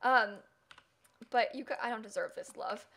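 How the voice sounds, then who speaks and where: A woman's voice: on the high side, normal speed, pushed and bright. A young woman streaming live, chatting casually and rambling with lots of fillers as she reads chat and thanks viewers.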